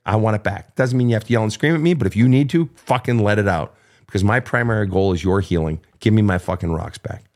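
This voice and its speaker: A man's voice: on the low side, fast, a little mellow. A man in his fifties hosting a call-in advice show, telling stories candidly, swearing freely and laughing at himself. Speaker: podcast host answering listener questions. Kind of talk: casual storytelling and advice.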